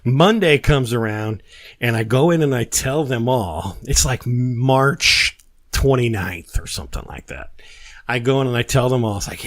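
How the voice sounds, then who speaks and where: A man hosting a podcast who tells stories in a casual, animated way and acts out the quotes. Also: mid-range voice, a little slow. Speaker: podcast host. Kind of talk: casual storytelling chat.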